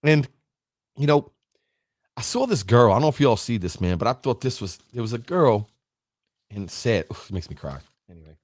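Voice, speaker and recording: A man's voice: medium pitch, big pitch swings, normal speed, long pauses, no echo. Guy doing a live motivational stream, gets emotional, talks to his viewers, dry close mic sound. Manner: emotional, preachy, greets viewers by name. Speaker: livestream host.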